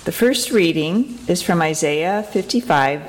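A woman serving as lector, reading scripture aloud in church with a measured, expressive delivery. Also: sits low, a little hiss or hum, rough recording. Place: church sanctuary.

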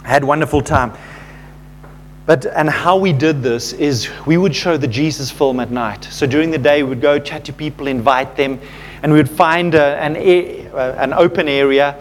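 High-voiced male preacher telling a story. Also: normal speed, slight background noise. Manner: storytelling, addresses the congregation as folks, rising to fervent intensity. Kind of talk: sermon.

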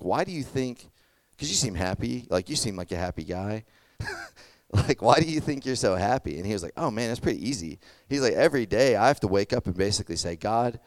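A man's voice: fairly low pitch, a little mellow, dry recording. A young man giving a casual sermon, chatty and full of fillers, checking in with "okay?" and "does that make sense?". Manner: conversational, lots of fillers and "okay?" check-ins. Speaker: youth pastor.

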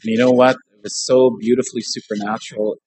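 Male preacher, husky mid-pitched voice, dramatic sermon delivery. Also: quick pace, rough recording. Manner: animated, dramatic storytelling that swings loud and soft. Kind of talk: storytelling sermon with closing prayer. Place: church sanctuary.

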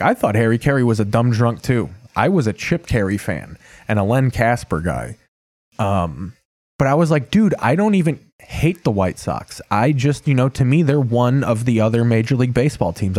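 A man talking over TV and ballgames on a live stream, rambling and swearing in a wry, offhand way. His voice is close and dry, with no room echo behind it. He sits at a middle pitch and keeps a loose, unhurried flow. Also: animated, darkish tone. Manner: rambling, profane, wry asides. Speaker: streamer host. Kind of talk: casual live-stream chat over TV clips.

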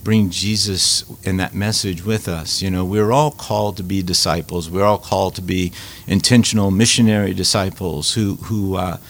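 Deep-voiced man, halting. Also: steady tone. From Louisiana. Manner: halting, repeats words, many fillers. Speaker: Catholic food ministry leader. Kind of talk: casual interview storytelling.

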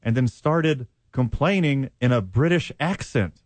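A man's voice: mid-range voice, lively intonation, unhurried, dry recording. A man hosting sports talk radio, blunt and sarcastic as he argues. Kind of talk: heated sports talk debate.

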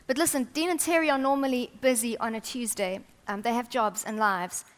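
A woman preaching a sermon, chatty and humorous, often dropping to soft, intimate tones. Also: on the high side, a little fast.

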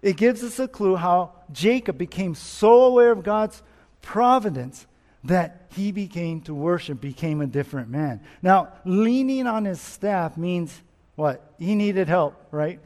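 High-voiced man preaching in a reverberant hall. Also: lively intonation, unhurried, darkish tone. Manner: earnest, asks rhetorical questions, repeats himself. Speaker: pastor. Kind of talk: expository sermon.

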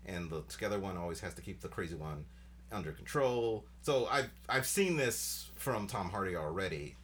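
A man's voice: deep voice, expressive, normal speed, fairly bright tone, slight background noise. A man co-hosting a casual group podcast, talking about movies with emphatic agreement. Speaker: podcast co-host.

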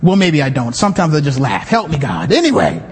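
A male pastor preaching a sermon in a church, conversational and animated, with asides and sudden shouts. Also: a little high, fairly quick, long reverb tail, crowd noise, background noise. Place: church sanctuary.

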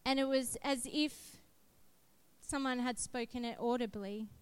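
Earnest woman preaching slowly. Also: on the high side, fairly even intonation, smooth. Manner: earnest, emphatic storytelling. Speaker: preacher sharing testimony. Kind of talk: sermon with personal testimony.

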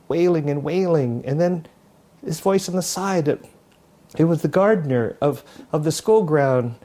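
A man's voice: a little high, dark tone. A male pastor delivering a sermon, retelling stories dramatically, with frequent restarts.

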